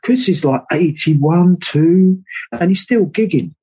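An older man spins long anecdotes as an interview guest, jumping into the voices of the people he quotes. His voice is dark and mellow, with a husky edge to it. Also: high voice, expressive, slow, rough recording. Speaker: guest musician. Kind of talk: casual storytelling interview.

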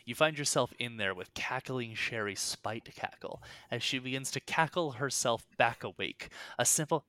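Bright, dry-voiced tabletop game master. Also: medium pitch, moderate pace, few pauses, smooth, dry recording. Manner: rambling, filler-heavy narration.

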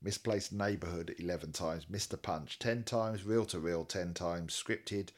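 A man with a very low voice talks in a relaxed, chatty way as a co-host. He gets enthusiastic, rattles off numbers and laughs easily. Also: unhurried. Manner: enthusiastic, quoting statistics, laughs often. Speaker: podcast co-host. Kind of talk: casual chat.

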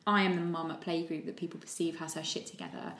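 A woman's voice: fairly low pitch, fast, slight background noise. A woman, a parenting blogger chatting casually and acting out stories with quoted voices. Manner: animated storyteller, acts out quotes, laughs often. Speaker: podcast host, parenting blogger. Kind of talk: casual chat. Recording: roomy echo.

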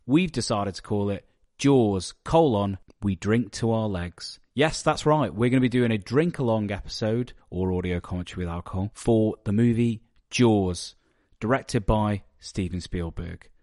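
A man's voice: fairly low pitch, normal speed, a little mellow, no echo, studio quality. A man, a podcast host, reading a playful, jokey intro. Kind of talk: scripted intro.

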